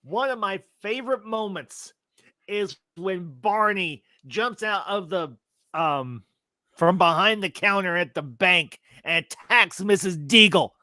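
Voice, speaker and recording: A man in his forties co-hosting a casual movie chat, telling scenes in an animated way. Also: high-pitched, unhurried, no room sound. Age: 40s. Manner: animated storyteller, acts out scenes. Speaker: movie review podcast co-host.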